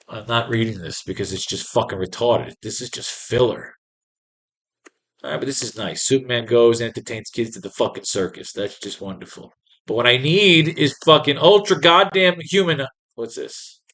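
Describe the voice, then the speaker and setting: A man's voice: medium pitch, a bit bright. A man hosting a writing class, reading comics aloud and ranting at them with crude, exasperated commentary. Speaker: host.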